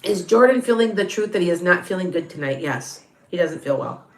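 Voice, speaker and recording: A woman reads tarot on a live stream, talking through viewer questions in a loose, chatty way. Her voice sits a little low and sounds stuffy. The room around her adds a noticeable echo. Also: expressive, a little fast. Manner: chatty, thinking aloud. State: stuffy nose. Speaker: tarot reader.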